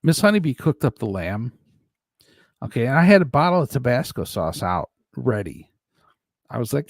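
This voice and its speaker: Chatty stream host, male, gravelly voice with lively ups and downs, jokey and rambling. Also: medium pitch, normal speed, long pauses, no echo, studio quality. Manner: rambling, joking, laughs often. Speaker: livestream host reading chat. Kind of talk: casual chat.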